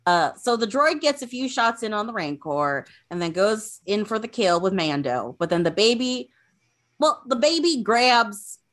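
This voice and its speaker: A woman's voice: medium pitch, lively intonation, normal speed, fairly bright tone. A woman casually recapping an episode, chatty and full of fillers. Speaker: podcast host recapping an episode.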